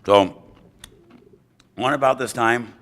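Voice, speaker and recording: Animated American man telling his story. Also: mid-range voice, takes it slowly, a little hiss or hum. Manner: animated, acts out voices of others. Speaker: recovery meeting speaker. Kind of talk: storytelling talk at a recovery meeting.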